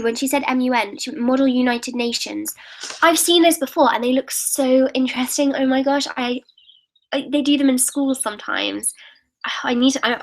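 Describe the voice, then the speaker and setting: A chatty teenage girl from the United Kingdom answers live questions on her YouTube stream, reading out comments and responding upbeat. Her voice is high with vocal fry, and the low-quality recording carries a little hiss or hum.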